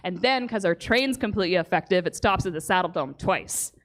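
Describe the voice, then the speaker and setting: A woman's voice: on the low side, brisk. A woman from Calgary doing a stand-up set, telling stories with silly voices and laughing along. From Calgary, Canada. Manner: animated storytelling with silly character voices, laughing. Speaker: stand-up comic. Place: comedy club stage.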